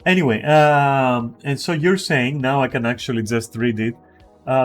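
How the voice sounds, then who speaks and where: A man's voice: medium pitch, moderate pace, faint music behind. A man on a game stream, ranting in casual chat, swearing a lot and restarting his sentences.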